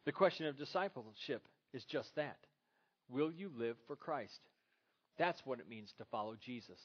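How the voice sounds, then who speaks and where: A man's voice: medium pitch, expressive, normal speed, breathy edge, dull audio. A man preaching a sermon as a pastor, earnest and full of rhetorical questions.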